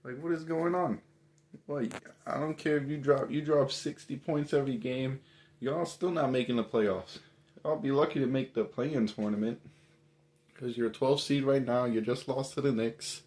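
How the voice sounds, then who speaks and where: A man's voice: mid-range voice, normal speed, a little mellow. A man, giving a casual, exasperated opinion rant full of emphatic rhetorical questions. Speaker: commentator.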